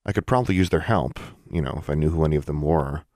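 A man's voice: very deep voice, fast talker, warm tone, no room sound, clean studio sound. A man voicing a sixteen-year-old witch girl who is blunt and unsure of herself, with a wry, plainspoken manner.

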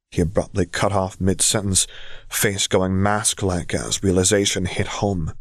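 Deep-voiced man narrating a story. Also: measured pace, dry recording. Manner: steady storytelling. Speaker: audiobook narrator. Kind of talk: fan fiction audiobook narration.

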